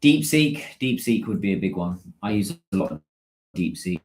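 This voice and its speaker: British guy rambling on a livestream, low voice, echoey room, replying to viewer comments. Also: big pitch swings, normal speed, a little mellow. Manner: chatty, answers viewer comments. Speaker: livestream host. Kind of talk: casual livestream chat.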